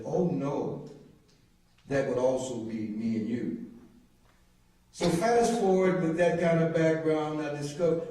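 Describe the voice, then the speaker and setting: A man's voice: a little high, warm tone. A middle-aged man, from Mississippi, telling a humorous personal testimony to a congregation as an intern minister. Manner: humorous storytelling, drawn-out phrasing. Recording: echoey hall from far off.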